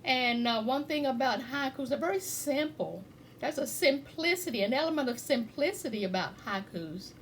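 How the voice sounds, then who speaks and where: A woman's voice: high-pitched, lively intonation, moderate pace. Woman poetry teacher, repeats key words, many fillers, faint hiss behind. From eastern Kentucky. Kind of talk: teaching lesson on video.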